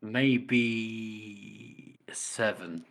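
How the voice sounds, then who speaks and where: A man co-hosting a book podcast in casual chat. He is excitable, swears freely and laughs often. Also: lowish voice, extremely slow, creaky. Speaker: podcast co-host.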